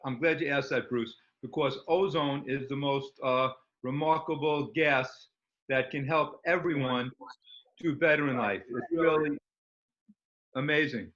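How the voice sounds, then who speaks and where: A man's voice: medium pitch, a little slow, fairly bright tone. A man speaking as an interview guest, rambling and enthusiastic with many fillers. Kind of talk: casual interview talk. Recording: dull lo-fi recording.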